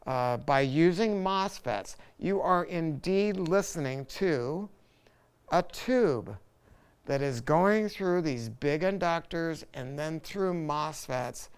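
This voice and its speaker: A man's voice: fairly high pitch, animated, slow pace, clear, resonant tone. A man hosting a casual hi-fi product talk, rambling and enthusiastic, often stopping and restarting his sentences. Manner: rambling, enthusiastic, self-interrupting. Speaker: hi-fi dealer host.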